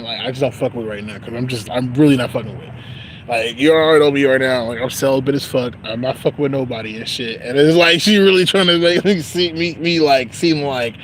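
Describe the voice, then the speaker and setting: A man's voice: fairly high pitch, a little hiss or hum. Young man ranting, bro-heavy slang. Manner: profane, repetitive, peppered with "bro" and "you know what I'm saying". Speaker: vlogger venting about work. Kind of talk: casual rambling rant.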